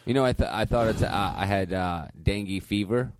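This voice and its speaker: A man's voice: fairly low pitch, normal speed, slight background noise. A man co-hosting a casual comedy podcast, laid-back with dry quips.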